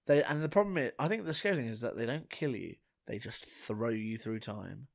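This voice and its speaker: A man co-hosting a casual podcast chat, talking animatedly and restarting his sentences as he gets excited. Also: medium pitch, brisk, gravelly. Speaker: podcast co-host.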